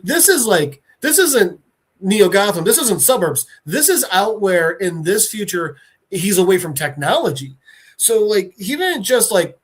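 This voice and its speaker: Animated man recapping a comic. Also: high-pitched. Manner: animated retelling, acting out characters' lines. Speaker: podcast host.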